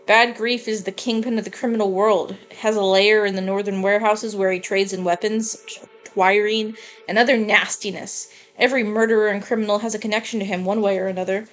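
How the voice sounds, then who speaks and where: A bitter male gang thug from a video game rails against a traitor, cursing with heat, as a woman reads his lines aloud. The voice sits at a middle pitch, and faint game music plays underneath. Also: steady tone, fairly quick, natural voice. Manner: reads game dialogue aloud plainly, heated curses. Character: angry male gang member, bitter and vengeful.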